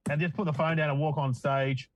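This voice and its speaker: A man's voice: fairly high pitch, steady tone, brisk, no room sound, poor audio. A middle-aged man with an Australian accent, a comedian guest telling wry, self-deprecating stories in casual chat.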